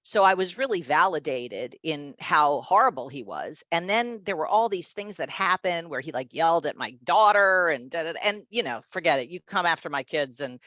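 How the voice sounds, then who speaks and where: A woman's voice: deep voice, lively intonation, moderate pace, hardly any pauses, a bit bright, no echo, lo-fi sound. Emphatic woman in her fifties telling a story. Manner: emphatic, conversational, often checks in with "right?" and "you know". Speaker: guest. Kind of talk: personal storytelling in a conversation.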